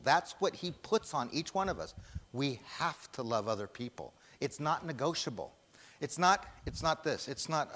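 Slow emphatic preacher in a reverberant hall. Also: male voice, mid-range voice, a bit bright. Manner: emphatic, asks the congregation questions and lets them answer. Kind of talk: sermon.

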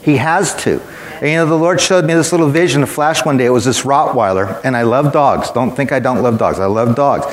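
A man's voice: medium pitch, fairly quick, reverberant, long reverb tail. A man preaching a sermon in a church, emphatic and matter-of-fact, telling stories to make his point.

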